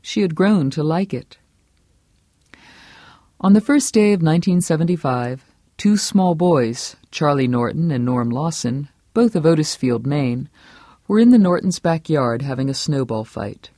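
Steady audiobook narrator, dry close sound. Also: medium pitch, no room sound. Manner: steady, measured storytelling. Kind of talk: scripted narration.

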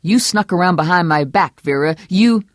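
A gruff, blunt husband in his fifties, as an audiobook reader plays him, loud and sarcastic with little patience. The voice stays close to the reader's own, dry and near the mic. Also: sits high, lively intonation, moderate pace, dry recording, voice pushed up. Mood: furious. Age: 50s. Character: angry, blunt middle-aged husband with a cane.

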